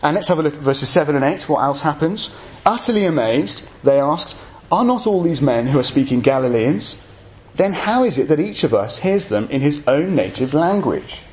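A man's voice: on the high side, lively intonation, moderate pace, a little mellow. A man preaching an evening sermon, explaining scripture with jokey asides to his congregation.

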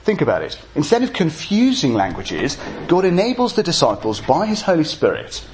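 Man, preacher, sermon, animated delivery, light faint background hiss. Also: fairly high pitch. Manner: animated, with jokey asides to the congregation. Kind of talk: evening sermon.

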